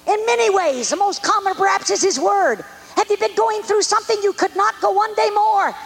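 Very high-voiced older woman preacher. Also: brisk, vocal fry, slight background noise, poor audio. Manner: emphatic, repetitive preaching cadence that swings between high and low. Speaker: evangelist preacher. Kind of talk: sermon testimony.

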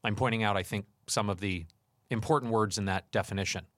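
A man co-hosting a podcast who chats easily and drops in quick quips. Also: on the low side, fairly even intonation, a bit bright, no echo, clean studio sound. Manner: chatty, quick to add quips. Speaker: podcast co-host. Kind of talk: casual chat.

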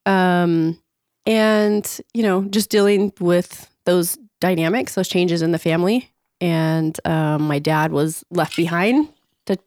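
A woman who owns a business, a guest on a radio show, speaking hoarsely with a cold, open and steady with fillers. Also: fairly low pitch, no room sound, clean studio sound. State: sick, hoarse. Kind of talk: casual radio interview. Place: radio studio.

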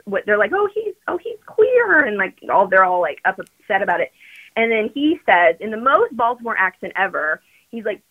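A woman calling in to a podcast, chatting in an animated, rambling way with lots of fillers. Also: mid-range voice, normal speed. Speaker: regular phone-in guest. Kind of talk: casual chat. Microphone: phone call. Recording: muffled phone line.

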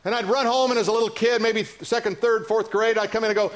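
A pastor preaching a sermon in a church, impassioned and building to emotional peaks, with halting restarts and repeats. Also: male voice, high-pitched. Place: church sanctuary.

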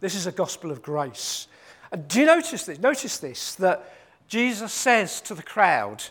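A man's voice: high voice, big pitch swings, fairly quick, a bit bright. A man preaching a sermon. He repeats his points for emphasis and acts out the quoted voices.

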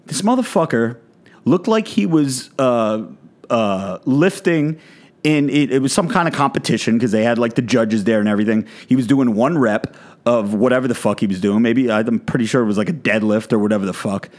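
A man's voice: medium pitch, normal speed, darkish tone. A man, a fitness content creator, delivering a blunt, profane rant in a vlog monologue.

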